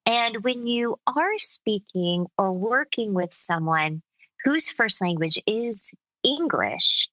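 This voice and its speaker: An American woman, a speech coach, explaining her work in a measured, patient interview manner. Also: mid-range voice, expressive, sharp tone, no echo, rough recording. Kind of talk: interview conversation.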